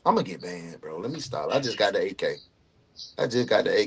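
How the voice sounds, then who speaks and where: Loud joking man with a Southern accent. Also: mid-range voice, wildly swooping pitch, fairly quick, breathy edge. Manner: loud, joking, calls out to chat. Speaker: live-stream reaction host. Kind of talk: casual live-stream commentary.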